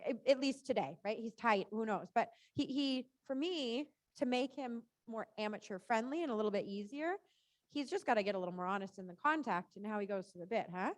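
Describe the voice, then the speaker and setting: Woman, riding instructor, high voice, dry close sound, chatty, encouraging, live lesson coaching. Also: animated, fairly quick, no room sound. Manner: encouraging, chatty, frequent "right?" and "good".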